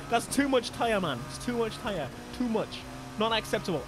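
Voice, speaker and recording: A young man giving casual, excitable gameplay commentary and laughing often. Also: high voice, measured pace, background noise. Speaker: gaming video creator.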